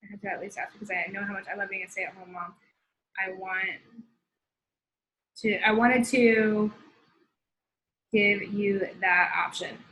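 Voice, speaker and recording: A woman's voice: mid-range voice, steady tone, a little slow, long pauses, fairly bright tone, echoey room, poor audio. A young woman hosting a casual coaching talk, using slang and thinking aloud as she dictates a message while typing. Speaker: host coaching sellers. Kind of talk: casual instructional live talk.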